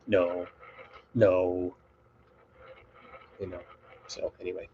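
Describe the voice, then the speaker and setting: A man's voice: on the low side, darkish tone, lo-fi sound, slight background noise. A middle-aged man hosting a live web show, rambling and swearing casually as he talks. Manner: rambling, swears, easily distracted.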